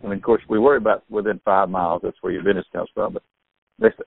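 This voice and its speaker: Excitable older man on a phone line. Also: deep voice, fast talker, creaky. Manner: excitable storyteller, acts out quotes. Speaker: store owner and sales partner. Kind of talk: phone conversation.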